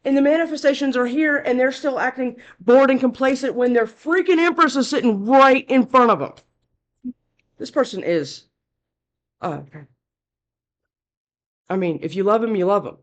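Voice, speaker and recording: A woman's voice: sits high, normal speed, pauses often, lo-fi sound. A woman giving a casual tarot reading, talking bluntly and chattily, scolding and cursing freely. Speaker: tarot reader.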